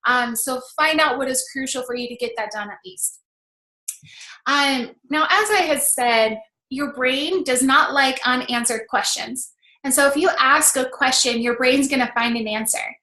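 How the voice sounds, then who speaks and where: A woman's voice: sits high, normal speed, bright, forceful tone, echoey room, poor audio. A woman in her thirties giving a chatty, encouraging motivational talk to camera as a coach. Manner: chatty and encouraging, laughs often.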